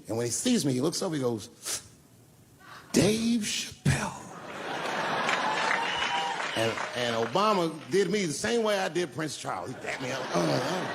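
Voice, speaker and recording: A middle-aged man telling a profane, animated story as a stand-up comedian on a live stage. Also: medium pitch, gravelly, very noisy. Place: live stage before an audience.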